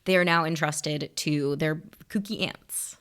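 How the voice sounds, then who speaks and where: A woman's voice: deep voice, measured pace, fairly bright tone. A woman in her thirties co-hosting a podcast, chatty and jokey, laughing often. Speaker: podcast co-host. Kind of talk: casual chat.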